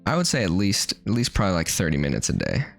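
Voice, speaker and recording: A young man with a very low voice co-hosts a casual podcast, joking around and swearing freely. He's from New Mexico and talks loosely, with faint music playing behind him. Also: wildly swooping pitch, quick pace, vocal fry. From New Mexico, USA. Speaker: podcast co-host. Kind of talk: casual chat.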